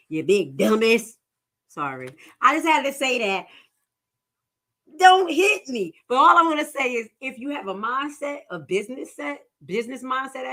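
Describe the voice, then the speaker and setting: Profane, animated woman streamer. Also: medium pitch. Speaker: livestream host. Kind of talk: uncensored livestream commentary.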